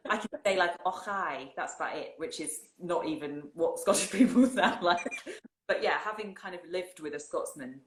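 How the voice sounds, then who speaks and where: A woman's voice: lowish voice, moderate pace, roomy sound. A woman from England with an English accent, chatting casually as a guest and laughing often. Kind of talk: casual chat. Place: home in the countryside.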